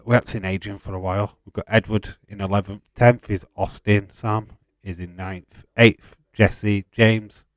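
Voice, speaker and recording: A man's voice: fairly low pitch, steady tone, normal speed, hardly any pauses, no room sound. Laid-back Yorkshire man streaming. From England. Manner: chatty and laid-back, chuckling often, light swearing. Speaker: livestream host. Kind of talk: casual live-stream chat, reading out viewer comments.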